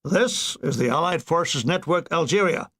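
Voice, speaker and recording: A man voicing a stentorian, brisk male radio announcer with an American accent. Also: a little high, animated, a bit bright, breathy edge. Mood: announcing.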